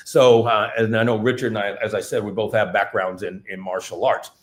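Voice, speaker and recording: A man's voice: lowish voice, brisk, reverberant. A man speaking at a live event, emphatic and repetitive as he drives his points home. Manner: animated, repetitive, emphatic delivery. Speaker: seminar speaker. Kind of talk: live talk at a festival.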